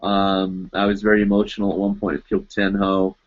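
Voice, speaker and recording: A man's voice: low-pitched, completely flat delivery, a little fast, lo-fi sound. A man hosting a live web show, chatting casually with viewers and reading their comments, rambling with many fillers and frequent laughs. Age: adult, teaches in Japan.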